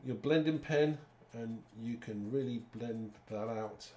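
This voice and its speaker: A man's voice: medium pitch, unhurried, a little mellow. Chatty man demonstrating card making. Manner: chatty, talks to viewers while working. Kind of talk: live craft demonstration. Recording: echoey room with faint background noise.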